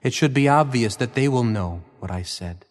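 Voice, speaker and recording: A man reading Jesus, calm and measured. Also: medium pitch, big-room sound, close to an everyday voice. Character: Jesus, calm grown man answering questioners. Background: faint guitar music.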